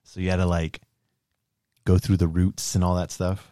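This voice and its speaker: A man's voice: deep voice, level tone, normal speed, mellow, no room sound, clean studio sound. A young man co-hosting a casual live stream chat, swearing freely and laughing often. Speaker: stream co-host.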